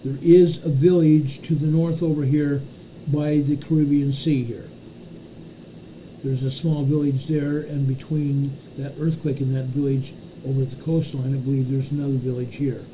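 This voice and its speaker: A man's voice: medium pitch, little pitch movement, moderate pace, mellow, a little hiss or hum, low-quality recording. A man hosting a live earthquake update, walking viewers through a map in an emphatic, repetitive way and often checking in with "okay?". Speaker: host of an earthquake update livestream. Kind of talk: live map walkthrough talking to chat.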